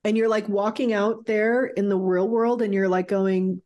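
A woman's voice: medium pitch, fairly even intonation, moderate pace, a little mellow. A middle-aged woman telling a frank, emotional personal story as an interview guest, swearing freely.

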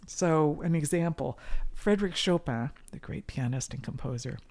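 A middle-aged woman talking as a guest musician in a casual interview, earnest and animated. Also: deep voice, moderate pace. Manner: earnest and animated, with sudden loud mimicry.

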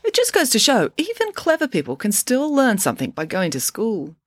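A woman reading the part of a sardonic schoolgirl who makes deadpan, wry remarks in a lifted voice. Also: fairly high pitch, a little fast, no echo, clean studio sound, pitched above the performer's own voice. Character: sardonic, quick-witted schoolgirl, wry and gloomy.

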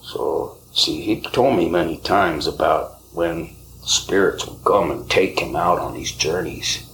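A man hosting a podcast, telling spiritual stories softly, often dropping to a whisper. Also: sits low, a little hiss or hum, low-quality recording. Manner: slow, soft-spoken, often whispering. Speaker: podcast host. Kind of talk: spiritual storytelling.

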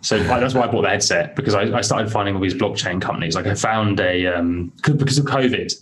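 A young man, a podcast guest, telling excited, rambling stories in casual chat with many fillers. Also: on the low side, fast talker.

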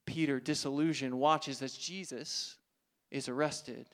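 A male pastor preaching a sermon, telling the story dramatically, swinging from loud emphasis to hushed asides. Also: mid-range voice, fairly even intonation, moderate pace.

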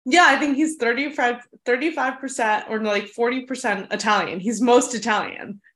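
A woman's voice: on the high side, normal speed, fairly bright tone. Chatty woman podcast co-host. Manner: chatty, laughs easily, many fillers. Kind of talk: casual chat.

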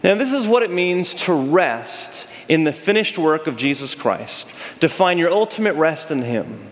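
A man preaching a sermon as pastor, animated, rising loud and high for emphasis and dropping low and slow, calling on the congregation to answer. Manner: asks the congregation to call out answers. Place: church sanctuary. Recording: long hall reverb.

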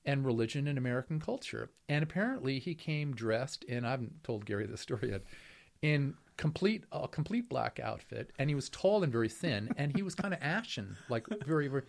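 A man's voice: medium pitch, vocal fry. Middle-aged man telling wry rambling anecdotes. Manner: wry, rambling anecdotes with many fillers and restarts. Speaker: professor being interviewed. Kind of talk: storytelling conversation.

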